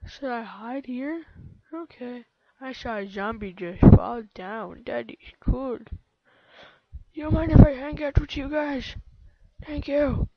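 A woman giving excitable, playful live gameplay commentary, sometimes slipping into baby talk, close to her microphone. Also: high voice, slow. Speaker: let's play gamer. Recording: dull lo-fi home mic.

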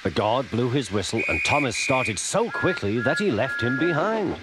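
A man narrating a children's story in an animated, expressive reading. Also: mid-range voice, moderate pace, very noisy. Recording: loud music behind.

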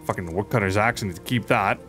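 A man commentating his own gameplay in a casual, profane and excitable way, reacting aloud to the game. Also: on the low side, fast, over music. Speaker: gaming video host. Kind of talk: casual let's play commentary.

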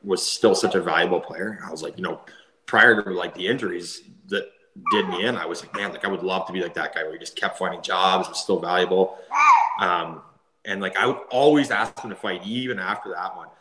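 Brief: low, quick-talking Canadian man, thirties, lively anecdotes, echoey room. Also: slight background noise. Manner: animated anecdotes full of fillers and laughter. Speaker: guest, former hockey player. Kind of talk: casual storytelling.

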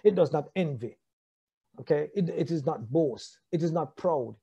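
Jamaican male preacher, husky and warm, asks the crowd question after question. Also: fairly high pitch, animated, normal speed, lo-fi sound. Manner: rhetorical questions, repeats phrases, chuckles often. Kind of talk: sermon on marriage.

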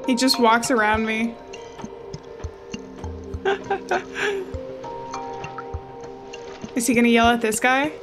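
A woman's voice: a little high, level tone, brisk, hardly any pauses. A woman giving playful, chatty commentary as she plays a video game, talking to the characters and her viewers. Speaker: gaming streamer. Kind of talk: let's play commentary. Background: game music.

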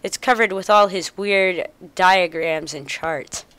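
A woman's voice: fairly low pitch, slow pace, fairly bright tone, clean tone, no room sound. A woman playing a video game, reading the game text aloud and chuckling as she goes. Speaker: gamer. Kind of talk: let's play commentary.

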